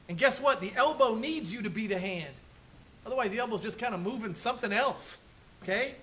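High bright-voiced chatty male pastor. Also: animated, fairly quick, rough recording. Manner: chatty, keeps asking "right?" and "okay?". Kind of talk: conversational sermon. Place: church room with a congregation.

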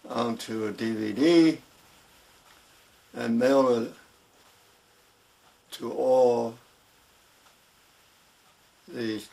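A man in his eighties, an inventor and harp maker, making a homemade video announcement in a slow, deliberate, formal way with a dry humor. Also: mid-range voice, vocal fry, a little mellow. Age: 80s.

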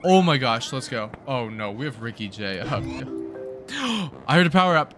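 A man's voice: mid-range voice, lively intonation, moderate pace, faint music behind. Hyped young man calling a baseball game. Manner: hyped, yelling at the game, slangy. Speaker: gaming video host. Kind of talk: excited let's-play commentary.

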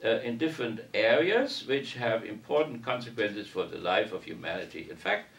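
A man's voice: on the low side, animated, moderate pace, a bit bright. A man giving a university lecture in a parish hall, reading passages aloud and then discussing them at length. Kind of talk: academic lecture to an audience. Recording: roomy echo from a distance.

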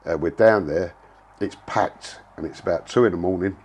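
A man's voice: low-pitched, moderate pace, a little mellow, breathy edge. A man, telling a story in a blunt, casual way, full of slang and swearing. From England. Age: 60s. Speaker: interviewee.

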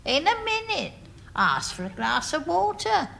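A woman's voice: high-pitched, very animated, unhurried, gravelly, fairly bright tone, exaggerated voice. An actress playing a nagging wife who complains and mockingly repeats what she is told.

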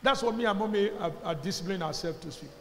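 A man with a Nigerian accent preaching a sermon as pastor, calling out to the congregation, sometimes shouting and sometimes dropping to quiet asides. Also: fast. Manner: emphatic preaching, calls to the congregation, swings from loud shouts to low asides. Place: church hall. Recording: long hall reverb, faint background noise.

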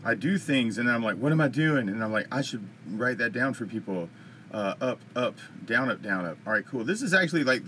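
A man's voice: mid-range voice, a bit bright, a little hiss or hum. An American man hosting a casual live-stream Q&A as a guitar teacher, talking in a rambling, chatty way and laughing often. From United States. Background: faint guitar strumming.

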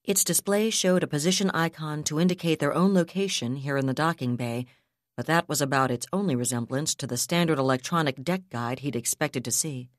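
Woman narrator, very low voice, dry close studio sound, steady audiobook read. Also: brisk, dry recording. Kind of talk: scripted narration.

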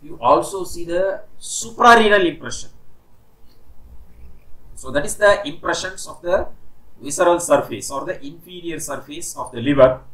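Man, anatomy lecture, slightly high voice, bright tone, repeats key terms, explanatory. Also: normal speed, low-quality recording. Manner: explanatory, repeats key terms, stops and restarts, says "okay" often. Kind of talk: recorded medical lecture.

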